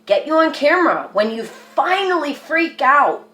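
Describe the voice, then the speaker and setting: A woman's voice: high voice, very animated, measured pace, bright, forceful tone. A woman telling a personal story to camera in a rambling, earnest way, with lots of "like.". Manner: rambling, earnest, says "like" a lot. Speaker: vlogger. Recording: echoey room.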